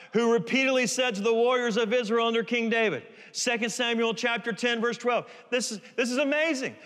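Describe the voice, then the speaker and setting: In a large church hall, a man with a very high-pitched, bright and forceful voice preaches emphatically. He keeps asking the congregation to call the words back, and the hall is reverberant.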